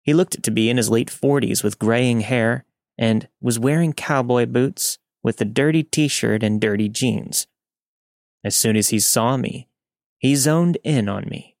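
A man narrating a scripted first-person horror story in a steady, measured reading. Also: medium pitch, no echo, clean studio sound.

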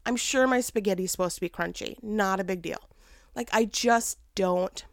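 Woman, animated storyteller who laughs often, mid-range voice, dry close sound. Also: mid-range voice, normal speed, dry recording. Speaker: mother telling a personal story. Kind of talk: casual storytelling with a life lesson.

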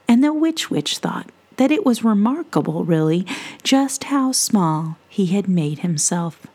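A woman reading a children's story aloud in a soft, half-whispered, playful voice. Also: lowish voice, lively intonation, unhurried. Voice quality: breathy, soft, playful with made-up words.

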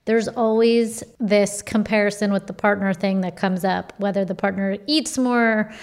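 A woman's voice: mid-range voice, fairly even intonation, normal speed, darkish tone. Woman podcast host, casual and encouraging, mid-range voice. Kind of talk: casual interview chat.

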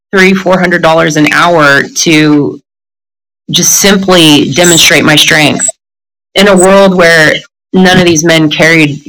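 A woman's voice: sits low, fairly bright tone, poor audio. A middle-aged woman telling her story in a candid conversation, blunt and profane, breaking into laughs and acting out other people's lines.

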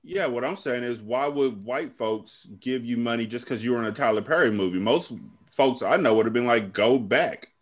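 A man's voice: mid-range voice, a little fast. A man co-hosting a casual chat, making pointed, wry remarks. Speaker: podcast co-host.

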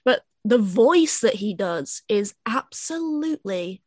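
A woman's voice: medium pitch, expressive, takes it slowly, a little mellow, no room sound. Wry Northern English woman, dry sound. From North of England. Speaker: podcast guest. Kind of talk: casual chat.

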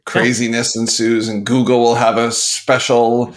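A man's voice: medium pitch, completely flat delivery, a little slow. A man co-hosting a podcast, chatting about movies in a laid-back, hesitant way with plenty of fillers. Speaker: podcast co-host. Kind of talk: casual movie chat.

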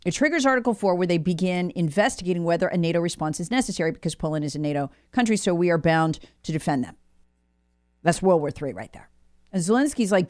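A woman's voice: lowish voice, expressive, fast, a little mellow, no room sound, studio quality. A woman speaking as a guest commentator, alarmed and insistent, often repeating words for emphasis.

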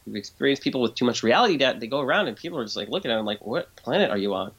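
Animated man explaining ideas. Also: mid-range voice, very fast, slightly rough, dull audio. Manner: animated, acts out quoted voices, frequent restarts. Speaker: guest expert. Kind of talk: conversational explaining.

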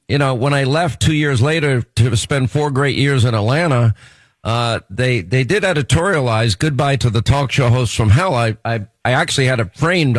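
A middle-aged man with a New York accent hosts a talk radio show, speaking in a loose, chatty, rambling way. His voice sits at an ordinary pitch. The sound is close and dry, with no room around it. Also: no echo. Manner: chatty, rambling, restarts sentences. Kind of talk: radio interview.

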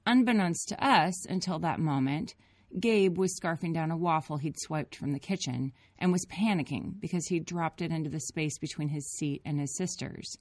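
A woman's voice: sits low, darkish tone, no room sound. A mother reading her own memoir aloud in an earnest, reflective storytelling manner. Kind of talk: memoir audiobook narration.

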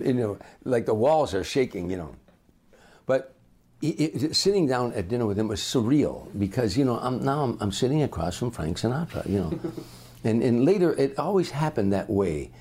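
An older man, a comedian, telling lively anecdotes in an interview and acting out the people in them. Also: medium pitch, slightly rough. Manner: animated raconteur, acts out voices. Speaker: comedian guest.

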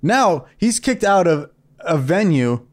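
High, lively-voiced man telling crude stories. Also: takes it slowly. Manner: animated, crude storytelling with acted-out quotes. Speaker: podcast co-host. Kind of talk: casual podcast banter.

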